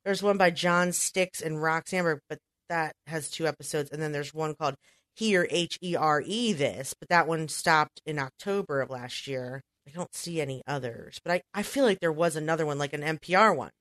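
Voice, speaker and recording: Chatty woman cohosting a podcast, bright voice, dry close sound. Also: sits low, no echo. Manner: chatty, breaks into quick impressions. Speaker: podcast co-host. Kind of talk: casual chat.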